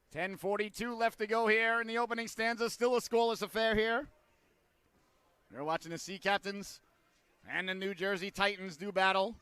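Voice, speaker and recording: A man with a high, bright voice calls a hockey game live. His throat sounds a little hoarse, and he fills the slow stretches with rambling, joking asides before his voice jumps to loud excitement when a shot or goal comes. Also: no echo. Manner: rambling, jokey asides between calls, rising to loud excitement on goals and saves. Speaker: play-by-play hockey announcer. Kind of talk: live sports commentary.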